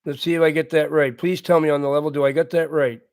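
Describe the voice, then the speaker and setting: Reading his chat out loud, a man hosting a live stream replies to viewers in an earnest, casual way, with frequent chuckles and plenty of repetition. His voice is a little high, level in tone, and fast.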